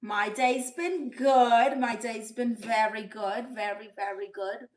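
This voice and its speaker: A woman's voice: on the high side, takes it slowly. A woman playing a sassy, doting middle-aged aunt on a comedy livestream, greeting viewers and reading chat aloud with big swoops in her voice. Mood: chatty. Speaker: livestream host in character. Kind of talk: live-chat comedy stream. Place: bedroom.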